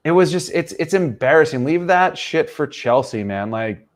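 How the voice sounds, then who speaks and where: A man's voice: on the high side, expressive, moderate pace. A man with an American accent hosting a casual football fan show, blunt and swearing freely as he rants. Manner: blunt, swears freely, talks back to chat.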